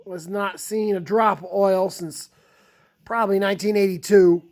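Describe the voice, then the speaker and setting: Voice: medium pitch, steady tone, moderate pace, a little mellow. A small-town vlogger telling a casual, rambling, profane story and grumbling about work.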